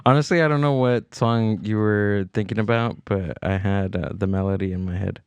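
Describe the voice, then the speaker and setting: A man's voice: on the low side, steady tone, moderate pace, clear, resonant tone, dry recording. A man co-hosting a comedy podcast, talking in an easygoing, rambling way and laughing often. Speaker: podcast co-host. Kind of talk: casual comedic banter.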